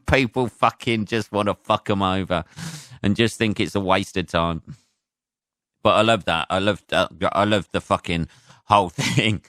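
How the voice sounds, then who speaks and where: A man hosting a solo podcast as a comedian, rambling and excitable with plenty of swearing. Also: lowish voice, measured pace, long pauses, no room sound, studio quality. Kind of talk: casual solo podcast rant.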